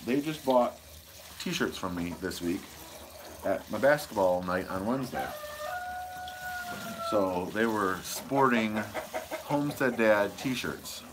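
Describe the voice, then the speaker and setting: A man's voice: fairly low pitch, animated, slow, pauses often, noisy background. A man from Michigan hosting a casual live stream, rambling goofily as he answers viewer comments outdoors on his homestead. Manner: goofy, rambling, reads viewer comments aloud. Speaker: homesteading channel host. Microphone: wireless lapel mic.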